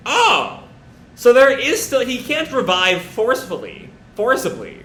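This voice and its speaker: Animated man with a bright, roomy voice. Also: high voice, normal speed, a little hiss or hum. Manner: casual, rambling commentary with fillers. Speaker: manga reaction host. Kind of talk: live reading and reaction. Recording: roomy echo.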